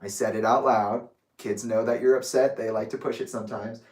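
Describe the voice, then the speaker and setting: A man's voice: fairly low pitch, fairly even intonation, brisk, darkish tone. A young man speaking in a rambling, candid personal monologue, with restarts and the odd swear word. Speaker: vlogger. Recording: roomy echo, distant from the mic.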